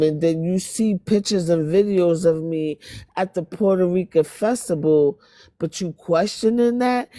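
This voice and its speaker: A woman's voice: on the low side, warm tone, no echo. A woman with a New York accent, from Spanish Harlem, delivering a blunt, confrontational, profane monologue to her viewers in a strained voice.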